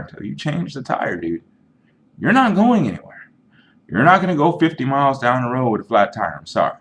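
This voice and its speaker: A man's voice: sits low, big pitch swings, moderate pace, a bit bright, a little hiss or hum. A man making an argumentative, earnest case in a casual webcam rant, explaining his point through analogies. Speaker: vlogger.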